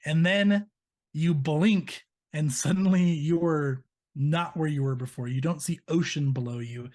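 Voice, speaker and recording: A man's voice: fairly high pitch, unhurried, darkish tone. A man narrating vivid scenes as game master of a tabletop horror game.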